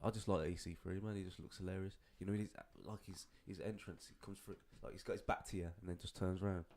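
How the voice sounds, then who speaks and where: Brief: young Birmingham man, lowish voice, loose sweary podcast banter. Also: little pitch movement, fast talker, darkish tone. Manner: swearing, slangy, laughing often. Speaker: podcast co-host. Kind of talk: casual chat.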